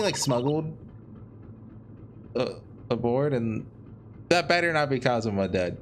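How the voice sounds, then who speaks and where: A man's voice: medium pitch, lively intonation, measured pace, slight background noise. A man playing a video game and commenting, rambling and joking as he thinks aloud. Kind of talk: let's-play commentary. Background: game music.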